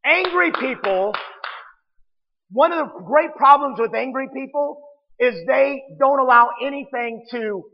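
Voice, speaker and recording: A man's voice: very high-pitched, in a large hall, dull audio. A man preaching a sermon, emphatic and appealing directly to his listeners.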